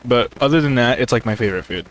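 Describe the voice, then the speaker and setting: A young man co-hosting a casual podcast, playful and quick to laugh. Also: mid-range voice, expressive, low-quality recording. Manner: giggly, playful, often laughing. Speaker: podcast co-host. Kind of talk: casual chat.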